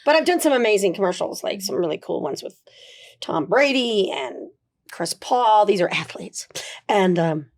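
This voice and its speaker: A woman's voice: mid-range voice, moderate pace. Chatty middle-aged woman telling stories. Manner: animated storyteller, lots of "you know" and "like". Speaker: voice actor guest. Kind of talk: casual interview chat.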